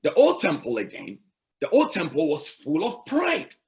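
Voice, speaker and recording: A man's voice: a little high, wildly swooping pitch, normal speed. A male pastor preaching a sermon, emphatic and repetitive, asking the congregation rhetorical questions.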